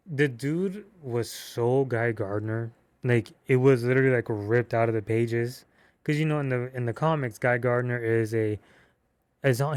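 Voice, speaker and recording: A man giving a casual movie review, excitable and slangy, with cursing and rambling restarts. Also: medium pitch, dry recording.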